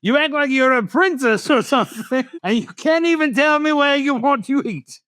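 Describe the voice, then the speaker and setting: Man doing a grumpy Englishman, put-on British accent, pitched way up, dry sound. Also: normal speed, fairly bright tone, no echo. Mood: teasing. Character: grumpy Englishman, husband complaining.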